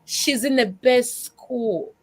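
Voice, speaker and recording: A woman guest sharing her life as a single mother on a faith talk show, animated and tearful, often restarting her sentences. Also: a little high, takes it slowly, faint music behind.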